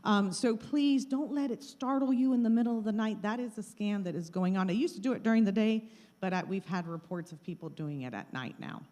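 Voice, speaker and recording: A woman's voice: mid-range voice, a little fast, dark tone. Middle-aged woman giving a scam talk live, plain voice, keeps repeating don't click, handheld mic in a meeting room. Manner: plain, repetitive warnings, acts out scam calls. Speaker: presenter of a scam-awareness talk. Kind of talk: live talk to a small audience.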